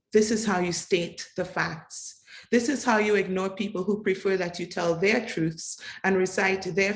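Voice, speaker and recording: A woman reading a poem of tribute in a slow, measured, incantatory way, building on repeated refrains. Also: lowish voice. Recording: echoey room.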